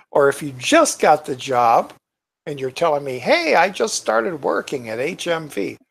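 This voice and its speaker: Brief: male channel host, tired and rambling, gravelly, slow, lively pitch swings. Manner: rambling, reads comments aloud, muttering asides. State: tired, yawning. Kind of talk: casual live-stream chat.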